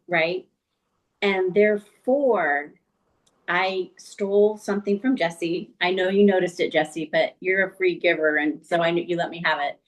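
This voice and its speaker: A woman's voice: fairly low pitch, fairly bright tone, low-quality recording. A middle-aged woman author speaking as an interview guest, earnest and thoughtful in her reflections.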